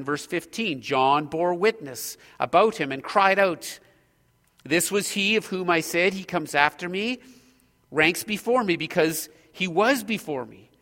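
Bright, emphatic male preacher in a hall. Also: fairly high pitch, animated, measured pace. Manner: earnest, emphatic, rising in intensity when pressing a point. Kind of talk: expository sermon.

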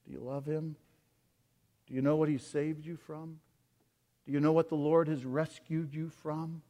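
Male pastor, sermon, impassioned, rhetorical questions; high voice, long hall reverb. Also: little pitch movement, unhurried. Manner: impassioned preaching, swings from soft to loud, repeats rhetorical questions.

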